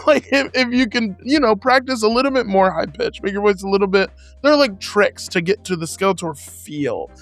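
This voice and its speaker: A man's voice: high voice, dry recording. A man co-hosting a tabletop gaming show, chatting casually and laughing as he rambles about character voices. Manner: laughing, rambling, with many fillers.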